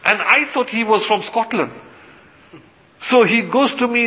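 A man's voice: very high-pitched, expressive, moderate pace. A man, an imam, giving a sermon in a mosque, posing rhetorical questions and answering them himself. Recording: dull lo-fi sound with long hall reverb.

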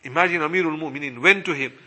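A man preaching a sermon with passion, slowing down to stress his points. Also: fairly high pitch, pushed and bright. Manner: impassioned, slows for emphasis, acts out quoted voices. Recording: long hall reverb.

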